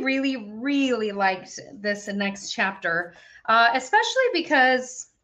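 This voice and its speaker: A woman's voice: medium pitch, bright, forceful tone. A woman in her thirties chatting candidly about a parenting book, swearing freely. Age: 30s. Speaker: podcast co-host discussing a book. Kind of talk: casual book-club chat.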